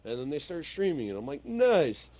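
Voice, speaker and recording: A man's voice: mid-range voice, lively intonation, quick pace, dark tone, low-quality recording. A man talking casually on a gaming podcast, laid-back, laughing often and swearing freely. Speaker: podcast host.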